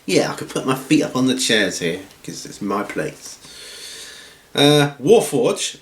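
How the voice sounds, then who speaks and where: A man hosting a hobby channel from home, chatting casually through viewer questions in a rambling, relaxed way with lots of ums and restarts. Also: medium pitch, measured pace. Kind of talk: casual Q&A chat. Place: at home, seated with feet up. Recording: roomy room echo.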